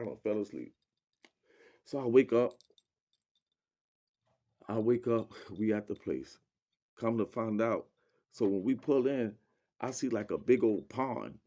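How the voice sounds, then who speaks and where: A man's voice: on the low side, mellow. A young man telling a story in a casual, rambling way, full of slang and fillers, quoting people as he goes.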